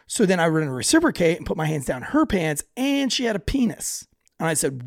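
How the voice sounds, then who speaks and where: A man's voice: a little high, lively intonation, racing, vocal fry, slightly rough, no echo, clean studio sound. A young man co-hosting a podcast, telling stories in a blunt, profane way with lots of restarts. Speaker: podcast co-host. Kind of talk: casual chat.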